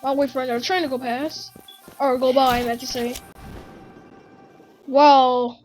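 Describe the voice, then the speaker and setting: A woman giving excitable gaming commentary, full of gasps and exclamations. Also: high-pitched, unhurried, soft background music, low-quality recording. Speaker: gamer.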